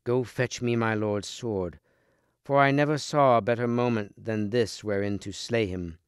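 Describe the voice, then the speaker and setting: A man's voice: lowish voice, moderate pace, smooth, no room sound, studio quality, close to an everyday voice. A man reading aloud as a scheming sorceress queen in a storybook, with a cold, commanding manner. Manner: cold, commanding, falsely sweet.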